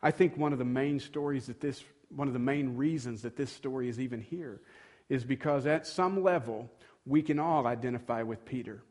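A man's voice: medium pitch, moderate pace, a little mellow. A male pastor giving a sermon in a conversational tone, acting out quoted dialogue and building to moments of emphasis.

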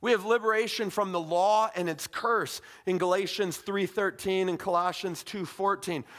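A man with a notably high-pitched voice delivers a sermon. He talks like he's chatting with the congregation, animated and casual, tossing in little asides. He sounds middle-aged. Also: normal speed. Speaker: pastor.

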